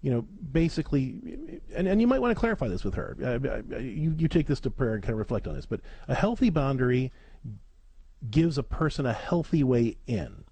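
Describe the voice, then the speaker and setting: A man hosting a call-in advice show as a counselor, animated and often repeating words as he talks. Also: mid-range voice, brisk, slightly rough, no room sound. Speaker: radio show host and counselor.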